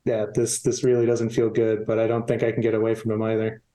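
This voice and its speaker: A man's voice: lowish voice, completely flat delivery, quick pace, warm tone. A man playing a tabletop game, talking in a laid-back, hesitant way with many fillers. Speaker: player. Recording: roomy echo.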